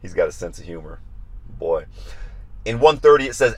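A man preaching on a Bible study podcast, animated and emphatic, repeating phrases for emphasis and acting out prayers and their answers. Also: deep voice, normal speed, long pauses, breathy edge.

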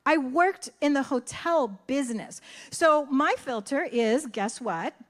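High-voiced grandmother telling a sermon story. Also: slow. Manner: animated, acts out conversations in voices. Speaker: church speaker.

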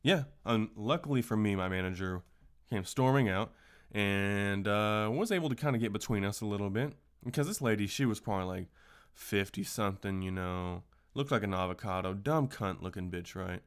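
A man with a somewhat low voice hosts a casual solo podcast. He tells workplace stories in a loose, ranting style, full of swearing. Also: moderate pace, clear, resonant tone. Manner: profane, ranting storyteller. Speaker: podcast host.

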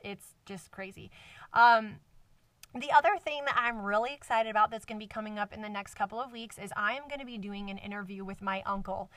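A woman's voice: mid-range voice, a little fast, a bit bright, no room sound, distant mic. Woman, faith podcast host, effusive and emotional, dry sound, slightly off-mic. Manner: earnest, effusive, with many fillers. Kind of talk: casual faith podcast monologue. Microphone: microphone in a cardboard box.

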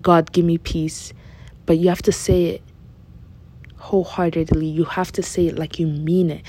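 Woman doing a slow heartfelt faith talk, kinda low voice, repeats herself to drive it home. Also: darkish tone, slightly rough. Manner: earnest, candid, repeats phrases for emphasis. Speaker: faith podcast host. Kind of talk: personal devotional talk.

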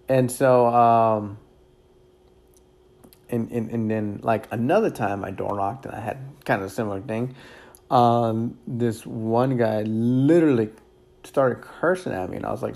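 A real estate agent telling stories about his job in a casual, rambling way, full of fillers and repeated words, relaxed and candid with some mild cursing. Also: mid-range voice, measured pace, gravelly. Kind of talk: casual storytelling.

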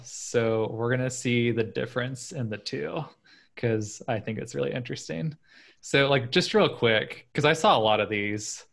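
A man's voice: medium pitch, vocal fry, a bit bright. A man hosting a casual chat show, reading listener stories aloud with lots of fillers and laughter. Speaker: podcast host.

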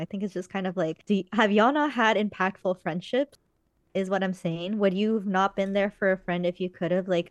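A woman's voice: medium pitch, clean tone, no echo. A woman chatting casually as a podcast co-host, rambling earnestly with many fillers. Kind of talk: casual chat.

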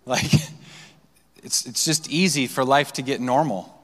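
A man preaching to his congregation in a relaxed, storytelling way, with frequent fillers and restarts. His voice sits at an ordinary middle pitch. A long church-hall reverb trails behind each phrase. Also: slow. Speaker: pastor. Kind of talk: sermon. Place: church sanctuary.

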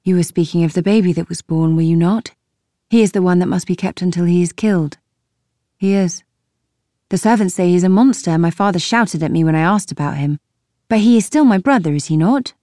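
A woman's voice: fairly low pitch, fairly quick, mellow, no room sound, studio quality, close to an everyday voice. Woman playing an earnest young princess.

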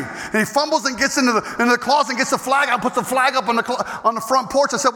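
A man preaching a storytelling sermon with a high, bright voice. He is animated, jumping from loud outbursts to hushed tones. The sound carries the long reverb of a large hall. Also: racing, hardly any pauses.

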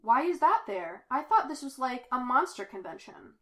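A woman's voice: high-pitched, very animated, normal speed, a bit bright, voice pushed up. A woman voicing a cheerful, bubbly young girl who talks in a chirpy, upbeat way. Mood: cheery.

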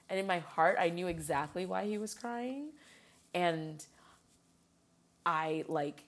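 Woman, low voice, animated storyteller, laughs often, casual chat. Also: slow, creaky, long pauses. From Chicago.

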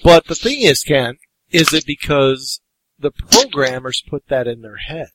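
A man's voice: a little high, very animated, measured pace, fairly bright tone, no room sound, rough recording. A man co-hosting a casual movie podcast, running the segments in a loose, informal way with casual swearing.

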